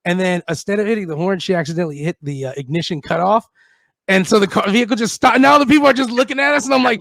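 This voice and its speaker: Male radio host, quick and high-pitched, chatty comic storyteller. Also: vocal fry, dry recording, studio quality. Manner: animated storyteller, acts out quotes. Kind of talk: casual comedic radio chat. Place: radio studio.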